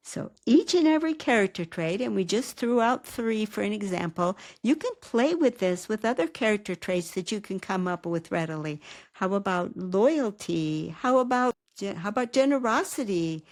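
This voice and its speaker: A woman who teaches writing, giving a calm, measured recorded lecture and asking rhetorical questions. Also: mid-range voice. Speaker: writing instructor.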